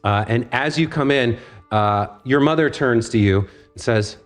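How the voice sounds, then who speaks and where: A man's voice: medium pitch, measured pace, faint music behind. Guy game master narrating, chatty and loose, medium voice. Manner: loose, conversational, with fillers.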